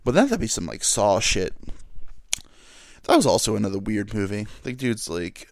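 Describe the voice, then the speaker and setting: A man's voice: fairly low pitch, very animated, unhurried, no room sound, clean studio sound. A young man hosting a podcast, rambling in a casual, profane, self-deprecating monologue. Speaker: podcast host.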